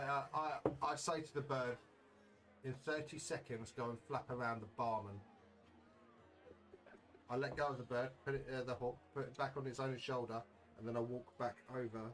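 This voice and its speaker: A man's voice: mid-range voice, fairly bright tone. A man playing a tabletop game, describing his character's actions step by step over a video call. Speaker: player. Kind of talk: casual tabletop play.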